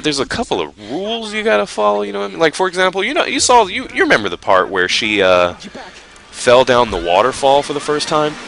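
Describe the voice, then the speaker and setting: Animated, profane man ranting casually. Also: fairly high pitch, a little hiss or hum. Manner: animated, profane, rambling with many fillers. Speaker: vlogger reviewing a game trailer. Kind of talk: casual rant.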